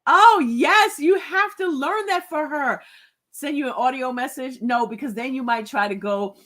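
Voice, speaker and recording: A livestream book club host speaks at normal speed in a high-pitched, somewhat bright voice. She's hosting a live chat, laughing, overjoyed to the point of tears, and reading viewer comments out loud.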